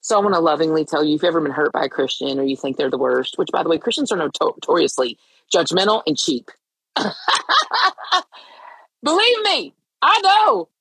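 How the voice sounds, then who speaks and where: A woman's voice: deep voice, fast talker, breathy edge, no echo, poor audio. A middle-aged woman talking earnestly on her own podcast, sounding as if she has been crying, with frequent restarts. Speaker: podcast host. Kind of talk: personal faith podcast talk.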